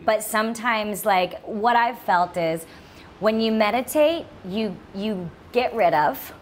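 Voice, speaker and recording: A woman in relaxed conversation, an animated storyteller who jumps up in pitch to act out what she thought, and who laughs easily. Her talk is loose and full of fillers like "like". A faint noise sits behind her. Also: slow pace. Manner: laughs often, many fillers like "like". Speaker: podcast guest. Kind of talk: casual chat.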